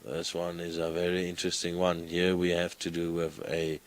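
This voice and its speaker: A man's voice: sits low, monotone, normal speed, poor audio. A man teaching a Greek class, coaxing students with questions. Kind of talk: classroom lecture.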